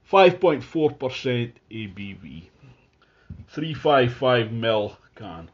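A man giving a casual, chatty beer tasting review at home, describing the beer in relaxed detail. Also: mid-range voice, takes it slowly, muffled recording. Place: at home near his Christmas tree.

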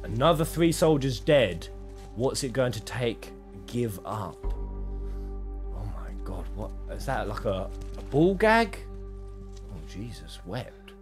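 A man commentating his own gameplay, swinging from quiet mumbling to sudden yells. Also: medium pitch, takes it slowly, soft background music. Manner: excitable, swings from mumbling to yelling. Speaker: gaming streamer.

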